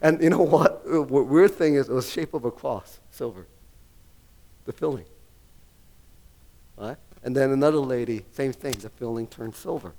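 A man's voice: medium pitch, normal speed, vocal fry, pauses often, warm tone, a little hiss or hum. A middle-aged male pastor preaching a sermon, rambling with many fillers and restarts and laughing often as he talks.

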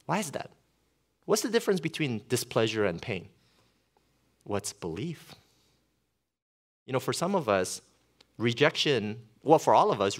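A middle-aged male pastor preaching a sermon in a conversational way, with lots of fillers and storytelling. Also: fairly low pitch.

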